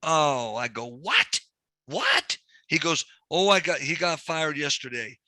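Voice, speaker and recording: A man with a very bright, tense voice and a fairly high pitch teaches a banking session, explaining figures step by step. His delivery turns animated when he tells stories and acts out dialogue. The recording is close and dry, with no room sound. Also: moderate pace, no room sound. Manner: animated storytelling with quoted dialogue. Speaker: banking instructor. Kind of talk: recorded training lecture.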